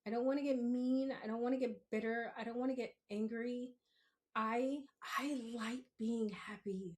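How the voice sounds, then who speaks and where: A woman's voice: on the high side, steady tone, normal speed, darkish tone. A young woman from Queens, hosting a spiritual podcast in a chatty, blunt monologue, laughing often and swearing freely. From Queens, New York. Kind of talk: casual solo podcast monologue.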